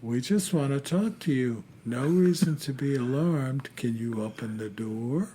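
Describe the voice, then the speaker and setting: A man voicing a creepy black-eyed child in a slow, hushed, deadpan way. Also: mid-range voice, slight background noise, lightly acted. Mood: coaxing.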